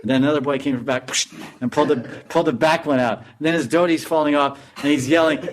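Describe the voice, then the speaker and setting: A man giving a storytelling sermon as a spiritual teacher, animated and laughing as he tells it. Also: fairly high pitch, quick pace, slight background noise. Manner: animated, laughs while telling.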